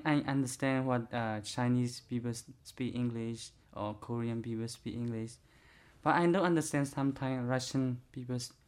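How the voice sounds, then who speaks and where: A speaker gives an interview in a middle-pitched, ordinary voice. The talk is halting and full of restarts and repeated words. The tone stays plain and conversational throughout. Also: a little mellow. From Burma.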